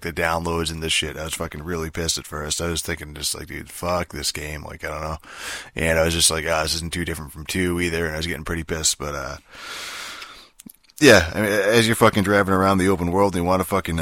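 Young male host, very deep voice, dry close sound, profane rambling frustrated gamer rant. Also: fairly bright tone, no echo. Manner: profane, rambling, frustrated, heavy filler words. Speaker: podcast host. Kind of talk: casual ranting game review.

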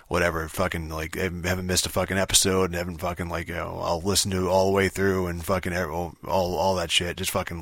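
Man with a low, flat voice and dry recording; annoyed, dismissive rambler, swears nonstop. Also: dry recording. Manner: profane, rambling, heavy filler words. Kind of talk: casual ranting monologue.

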